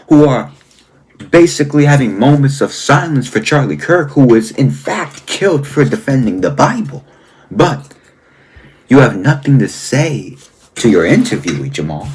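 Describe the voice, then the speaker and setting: Scolding pastor calling someone out. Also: male voice, medium pitch, a little mellow, husky. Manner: scolding, repeatedly calls out the person by name; slow, deliberate emphasis on key phrases. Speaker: pastor commenting on a video. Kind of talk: confrontational commentary and reading aloud.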